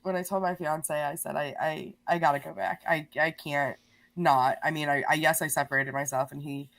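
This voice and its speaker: Animated woman guest telling stories. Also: low voice, normal speed, vocal fry. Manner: animated, laughs often, many restarts. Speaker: podcast guest. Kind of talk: casual storytelling.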